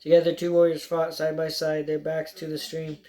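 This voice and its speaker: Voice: mid-range voice, completely flat delivery, normal speed, mellow, rough recording. An audiobook narrator reading a story aloud in a plain way, with stumbles now and then.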